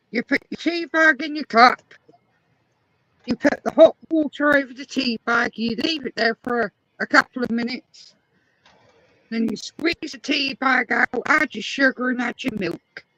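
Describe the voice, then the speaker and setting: A woman's voice: sits high, measured pace, pauses often, pushed and bright, no room sound, lo-fi sound. An English woman chatting casually, explaining things at length. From England. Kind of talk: casual chat.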